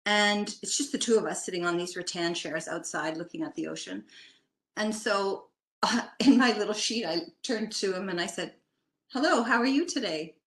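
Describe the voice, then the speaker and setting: A woman's voice: medium pitch, normal speed, a bit bright, roomy sound. An older woman from Canada, a guest chatting animatedly as she tells a long personal story. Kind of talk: casual storytelling.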